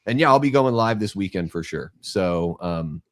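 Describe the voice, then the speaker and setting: A man's voice: low-pitched, animated, moderate pace, fairly bright tone, no echo, clean studio sound. A man co-hosting a casual podcast and streaming online, rambling and hesitant with many fillers. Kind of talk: casual chat.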